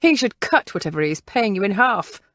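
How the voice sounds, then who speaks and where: A woman voicing a haughty, scheming dressmaker with a shrill, scolding voice. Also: big pitch swings, fairly quick, a bit bright, dry recording, studio quality. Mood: disdainful. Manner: scolding, disdainful.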